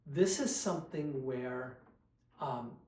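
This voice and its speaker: A man teaching a choral diction lesson, demonstrating consonant and sung syllable drills in a patient, unhurried way. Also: mid-range voice, a little mellow, echoey room, rough recording. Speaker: vocal coach.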